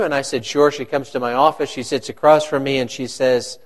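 Man preaching a slow, questioning sermon. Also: medium pitch, fairly even intonation. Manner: conversational, asks the congregation questions. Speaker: pastor.

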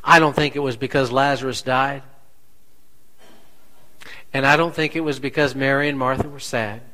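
A man preaching a sermon as pastor, slow and deliberate, asking the congregation rhetorical questions. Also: medium pitch, fairly even intonation, sharp tone, slight background noise, rough recording.

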